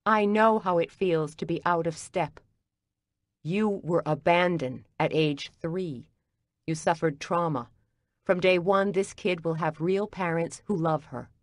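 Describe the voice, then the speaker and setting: A brusque, wounded man snaps cutting remarks at his ex, read by a woman narrator. His voice sits low and unhurried, with a close, dry sound and no room around it. He never lets up on his clipped, biting manner. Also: no room sound, close to an everyday voice. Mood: arguing.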